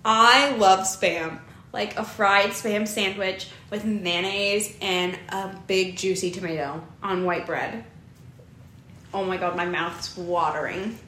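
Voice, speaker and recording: A bubbly young woman with a bright, forceful voice chats casually as a co-host. She gushes and laughs often, and the echoey room carries a faint hiss behind her. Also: mid-range voice, fairly even intonation, takes it slowly. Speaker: podcast co-host. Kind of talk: casual chat.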